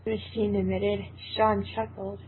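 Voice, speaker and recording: A woman's voice: mid-range voice, little pitch movement, moderate pace. A woman reading the narration of a fan story aloud during a casual group read-through, prompting the others. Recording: tinny call audio with faint hiss.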